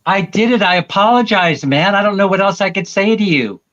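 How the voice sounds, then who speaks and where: A man's voice: sits high, lively intonation, brisk, a bit bright, highs cut off. A man hosting a casual live stream, answering a caller with wry jokes and apologies.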